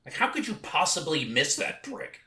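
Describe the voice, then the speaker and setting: A man's voice: on the high side, sing-song, normal speed, bright, forceful tone. A man co-hosting a horror movie podcast, chatting casually, sarcastic and swearing freely. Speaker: podcast co-host.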